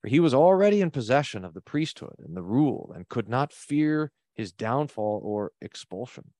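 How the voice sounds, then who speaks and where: Reading an old text at normal speed, a pastor with a mid-range voice stops to offer commentary, expressively stressing key words. There is no echo.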